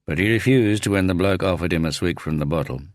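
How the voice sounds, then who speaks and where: Man, audiobook narrator, very deep voice, steady measured reading, dry close recording. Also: no room sound. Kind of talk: scripted narration of a thriller audiobook.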